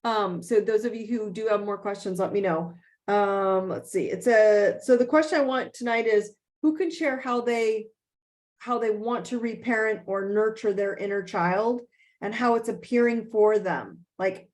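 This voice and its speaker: A woman's voice: mid-range voice, moderate pace. A woman hosting a motivational coaching session and Q&A on a video call, speaking emphatically and checking in with "okay?". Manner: emphatic, repeats key phrases, frequent "okay?" check-ins. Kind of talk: motivational talk and Q&A.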